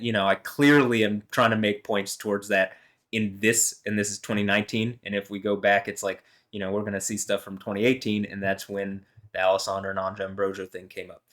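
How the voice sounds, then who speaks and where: A man's voice: fairly low pitch, fairly bright tone. A man vlogging alone, talking in a meandering, heated way with lots of fillers and some swearing. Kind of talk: rambling solo monologue.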